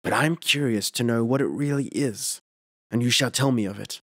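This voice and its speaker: A man's voice: mid-range voice, a little fast, fairly bright tone, dry recording, clean studio sound. A man putting on a harsh, stern temple keeper. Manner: gruff and suspicious. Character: stern, guarded male temple keeper of ancient Britain. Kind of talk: audiobook character reading.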